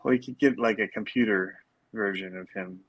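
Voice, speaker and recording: A man with a fairly low voice chats casually on a podcast, joking and bantering. He records from a hotel room late at night through a headset, and the sound is close and dry. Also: normal speed, fairly bright tone, husky, no room sound, rough recording. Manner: joking, trades banter and quips. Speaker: podcast co-host. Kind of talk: casual chat. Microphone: headphones with mic.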